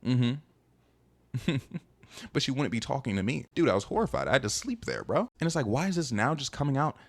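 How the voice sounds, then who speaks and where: A man's voice: mid-range voice, big pitch swings, fast, vocal fry. A young man casually telling a dating story in a rambling, slangy way, full of fillers.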